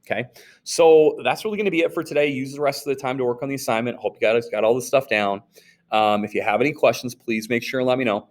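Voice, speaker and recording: A man's voice: medium pitch, fast talker. A man from Wisconsin with an Upper Midwest accent, a history teacher telling a story in a casual, rambling class talk full of restarts. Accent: Upper Midwest American. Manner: rambling, informal, many restarts and fillers.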